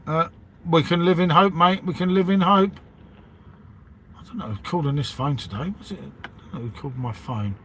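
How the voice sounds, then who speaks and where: Rambling bloke saying mate. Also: male voice, fairly high pitch, moderate pace, long pauses, a bit bright, slightly rough. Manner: matey, rambling, says "mate" and "innit" constantly. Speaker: livestream host chatting with viewers. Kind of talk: casual live-stream chat.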